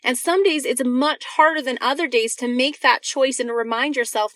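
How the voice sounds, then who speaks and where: A woman's voice: high-pitched, steady tone, moderate pace, a bit bright, no echo. A woman giving an earnest devotional talk to women, reading scripture verses and speaking directly to her listeners with encouragement.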